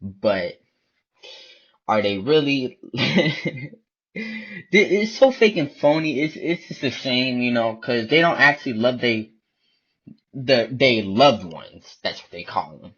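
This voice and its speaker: A man's voice: medium pitch, big pitch swings, slow, long pauses, a bit bright, husky. A man delivering a blunt, profane, repetitive ranting monologue about faith. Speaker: online video preacher. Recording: dull lo-fi recording.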